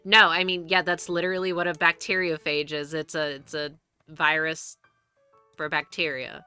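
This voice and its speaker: A woman's voice: low-pitched, level tone, normal speed, pushed and bright, clean tone, faint music behind. A young woman streaming live, chatting casually and rambling with frequent restarts and free swearing.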